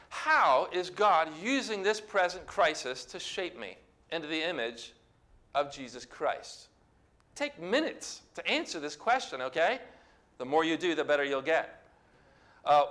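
A middle-aged man delivers a sermon as a pastor, talking with a bright, forceful edge. His voice sits a little high for a man, and he presses his points emphatically, climbing toward near-shouts.

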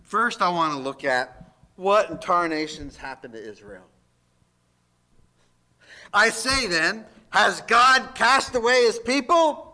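A man's voice: sits high, lively intonation, takes it slowly, pauses often, bright, forceful tone. A man, a pastor, preaching a sermon in a folksy, emphatic way with jokes.

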